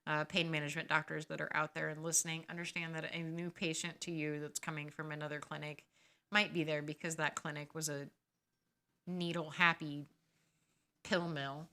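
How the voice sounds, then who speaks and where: Speaking at a normal speed, this woman has a deep, bright, forceful voice that stays fairly flat in pitch. On her podcast she shares her experience managing chronic pain, offering firm, blunt guidance that turns emphatic and reproachful.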